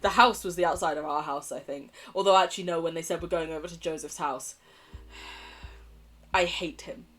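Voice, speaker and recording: A woman's voice: deep voice, steady tone, normal speed, pauses often, fairly bright tone. A woman streamer, reading a dating game aloud, giggling often, swearing and trying out voices for the characters.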